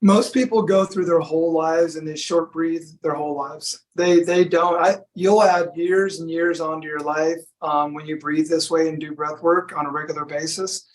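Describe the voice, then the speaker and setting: A man guest in a relaxed interview, talking about breath work in a laid-back, storytelling way. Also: a little high, normal speed, hardly any pauses, low-quality recording. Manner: laid-back, storytelling, says "you know" often. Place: from Sacramento.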